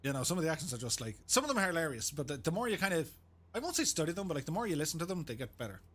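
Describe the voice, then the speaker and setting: A man's voice: on the high side, very animated, racing, fairly bright tone. An Irish man streaming a game, chatting casually and joking about impressions, laughing often. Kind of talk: casual live-stream chat.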